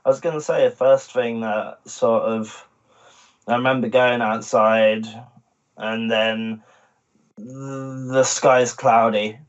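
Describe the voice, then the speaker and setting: A man's voice: medium pitch, steady tone, slow pace, muffled recording. A young man co-hosting a travel podcast, laid-back, with dry humour. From England. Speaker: podcast co-host. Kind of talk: casual travel chat.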